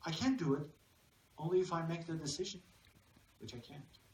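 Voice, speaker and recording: Guy w teaching a poem, bit high voice, roomy hall, mic far off. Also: moderate pace, a little mellow. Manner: reads poem lines aloud and comments, asks the audience questions. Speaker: literature lecturer. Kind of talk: lecture to a live audience. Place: cinema hall.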